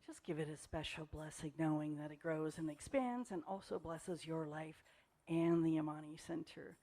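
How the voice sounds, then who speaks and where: Brief: woman service leader with a very low voice, gentle and guiding, announcing the offering.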